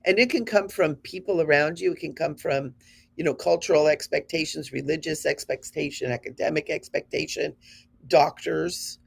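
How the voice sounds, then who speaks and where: A woman's voice: sits low, moderate pace, gravelly, slightly rough. A woman in her fifties hosting a spiritual show, talking to her audience in an earnest, encouraging, conversational way. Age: 50s.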